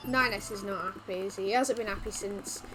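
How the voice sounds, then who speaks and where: A woman's voice: mid-range voice, a little fast, very noisy. A woman streaming a video game, chatting casually with her viewers and laughing often. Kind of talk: casual let's-play commentary.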